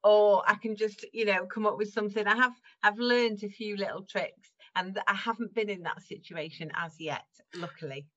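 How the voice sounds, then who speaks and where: A woman's voice: mid-range voice, normal speed, few pauses, fairly bright tone, dull audio. A middle-aged woman, a guest on an interview, who often laughs as she talks. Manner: laughs often while talking. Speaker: guest, improv performer. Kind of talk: casual conversational interview.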